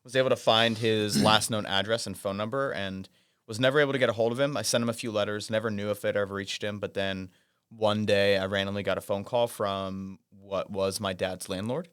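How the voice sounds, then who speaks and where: A man in his thirties, co-hosting a podcast, speaks in soft-spoken, storytelling chat with joking asides. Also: fairly low pitch, fairly even intonation, fairly quick, smooth, no room sound, studio quality. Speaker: podcast co-host. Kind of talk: casual chat.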